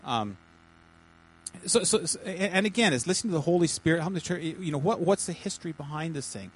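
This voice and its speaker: A man, a pastor, giving informal teaching to a small church group in a halting, chatty way, with many repeated words and restarts. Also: on the high side, lively intonation, slightly rough, rough recording. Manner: chatty, jokey asides.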